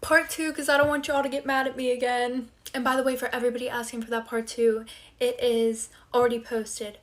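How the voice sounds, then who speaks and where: A woman's voice: fairly high pitch, little pitch movement, a little fast. A young woman telling casual storytime tales to her followers, blunt and chatty, swearing freely. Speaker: storytime creator. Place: in bed at night.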